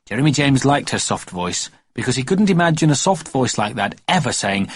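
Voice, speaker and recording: A man narrating a children's storybook with expressive cadence. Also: mid-range voice, a little fast, hardly any pauses, breathy edge, no echo. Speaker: audiobook narrator.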